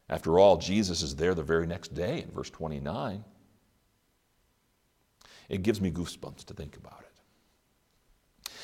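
Male pastor, deep voice, sermon delivery with pointed questions and long pauses. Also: darkish tone. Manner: dramatic pauses, rhetorical questions. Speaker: preacher.

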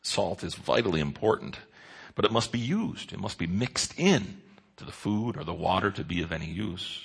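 A man's voice: sits low, animated, moderate pace, creaky, a bit bright, breathy edge. A man preaching a sermon in an earnest way, stressing key words with rises and drops. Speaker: pastor.

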